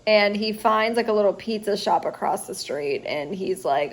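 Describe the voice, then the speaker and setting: At home for a laid-back storytime vlog, a young student vlogger spins a meandering tale packed with fillers, sounding worn out but chatty. She speaks in a medium-pitched voice at a moderate pace.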